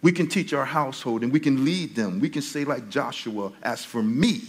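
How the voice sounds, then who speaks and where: Halting conversational male pastor. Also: medium pitch, lively intonation, slightly rough. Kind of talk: sermon. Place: church.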